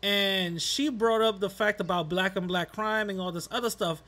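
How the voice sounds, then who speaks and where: A man's voice: high-pitched, steady tone, moderate pace, pushed and bright. A man hosting a podcast, talking earnestly in a casual interview conversation, rambling a little. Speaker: podcast host.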